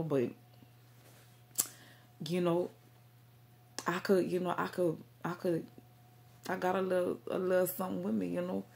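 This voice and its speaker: Low gravelly-voiced woman rambling to camera. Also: a little mellow. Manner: rambling, heavy on fillers, stumbles over words. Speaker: Christian vlogger. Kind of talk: casual direct-to-camera talk.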